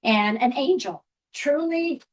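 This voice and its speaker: A woman's voice: sits high, animated, slow, poor audio. Chatty storytelling woman in her fifties. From Seattle, USA. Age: 50s. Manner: candid, chatty storyteller with frequent asides. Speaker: guest speaker. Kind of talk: personal storytelling talk to a group.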